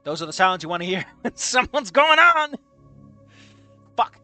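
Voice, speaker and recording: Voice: mid-range voice, sing-song, a little slow, bright, forceful tone, soft background music. A streamer ranting in a profane, exasperated way and laughing often as they react on stream.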